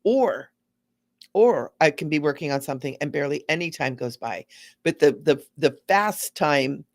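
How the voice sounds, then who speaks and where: Gentle rambling woman, dry close sound. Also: low voice, expressive, normal speed, no echo. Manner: rambling, gentle, repeats words for emphasis. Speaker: spiritual teacher hosting a live stream. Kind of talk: casual spiritual talk.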